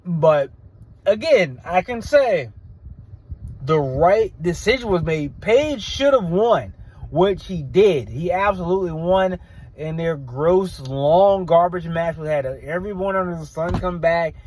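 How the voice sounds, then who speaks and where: Male show host, fairly high voice, blunt opinionated rambler who stammers and restarts. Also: animated, slow, a little mellow. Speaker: wrestling show reviewer. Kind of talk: casual opinionated review.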